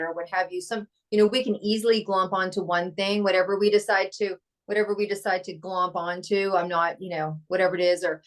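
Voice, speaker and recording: Female podcast host, casual and lively, mid pitch, acts out quotes. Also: a little fast. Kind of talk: casual interview chat.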